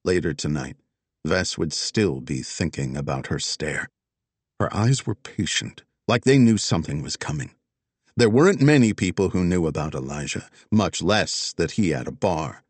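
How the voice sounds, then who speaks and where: A man narrating a crime story as an audiobook, with expressive, dramatic storytelling. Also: rumbling low, moderate pace, breathy edge, no room sound.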